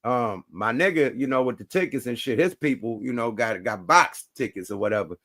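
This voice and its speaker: A man telling a story in casual chat, animated and slangy, acting out both sides. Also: mid-range voice, brisk, dry recording, clean studio sound. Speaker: host.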